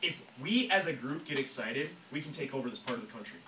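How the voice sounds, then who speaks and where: Excitable male trainer, rapid-fire and bright, echoey meeting room, mic at a distance. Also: medium pitch, a little hiss or hum. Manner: fast, excitable, emphatic, often acts out phone calls. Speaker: network marketing trainer. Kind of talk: energetic live training talk.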